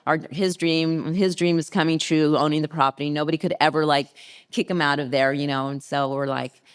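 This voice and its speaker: A middle-aged woman, a podcast guest, telling a story in a lively, casual way and acting out the people in it. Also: deep voice, fairly quick, smooth. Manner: lively anecdote teller who acts out quoted people.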